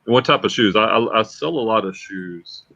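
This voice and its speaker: Casual man host, low voice, chatty and self-repeating, slightly dull lo-fi audio. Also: lively intonation, brisk, gravelly, sharp tone. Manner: chatty, repeats words as he thinks aloud. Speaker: livestream host and reseller. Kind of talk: casual livestream chat.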